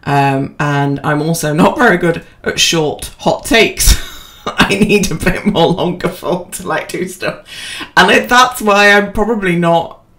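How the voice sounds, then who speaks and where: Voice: mid-range voice, unhurried, fairly bright tone. A podcast co-host chatting casually and rambling, with lots of fillers and restarts, self-deprecating. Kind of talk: casual chat.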